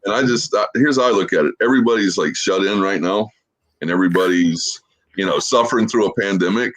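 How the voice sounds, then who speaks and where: A man's voice: deep voice, fast, fairly bright tone. A man in his forties from Florida, chatting as a podcast guest in an easygoing, rambling storytelling way with plenty of fillers. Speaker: guest, social media creator. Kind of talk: casual podcast chat, storytelling.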